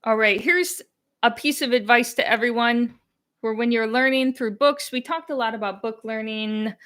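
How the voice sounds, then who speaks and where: A woman's voice: on the high side, a bit bright. A young woman hosting a language-learning channel, chatting casually on a live stream and answering comments. She is candid, laughs often and slips into Chinese phrases.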